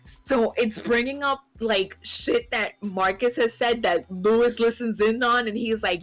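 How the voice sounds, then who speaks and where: A woman's voice: fairly high pitch, moderate pace, hardly any pauses, soft background music. A young woman on a podcast, telling a story in casual chat, laughing often and swearing freely. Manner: animated, laughing, swears freely, acts out quotes. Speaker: podcast co-host.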